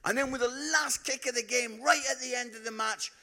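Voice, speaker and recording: Brief: Scottish male preacher, high and bright, chatty storyteller. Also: a little fast. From Scotland. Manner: chatty, with frequent "yeah?" tags and asides. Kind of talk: humorous storytelling sermon.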